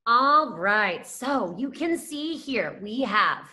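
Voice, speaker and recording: A woman's voice: on the high side, animated, slow pace, bright, forceful tone. A young adult woman teacher leading a phonics lesson for young children, encouraging and sing-song, drawing out letter sounds.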